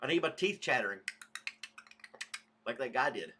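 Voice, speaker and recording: A man's voice: mid-range voice, lively intonation, moderate pace, pushed and bright, slight background noise. A man hosting a casual morning livestream podcast, rambling chattily and greeting viewers by name. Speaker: podcast host.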